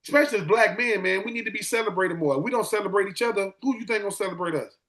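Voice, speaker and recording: A man in his forties, a former football player telling animated stories on a casual podcast, acting out quotes and repeating words. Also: sits high, rapid-fire. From Swainsboro, Georgia.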